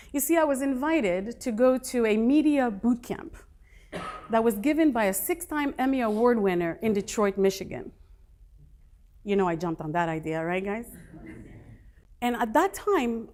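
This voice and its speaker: A woman's voice: mid-range voice, a little mellow. A middle-aged woman motivational speaker telling her personal story to a live audience, emphatic and dramatic.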